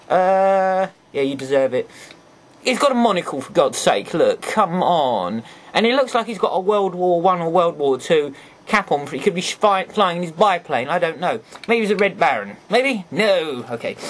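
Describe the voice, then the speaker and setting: Male toy reviewer, chatty and rambling, animated pitch, jokey apologies.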